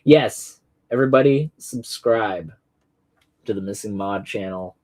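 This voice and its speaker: A man's voice: on the low side, unhurried, a little mellow. Profane, sarcastic male livestream host. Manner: profane, sarcastic, laughs often; mocking put-on voices for imagined people. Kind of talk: casual livestream commentary.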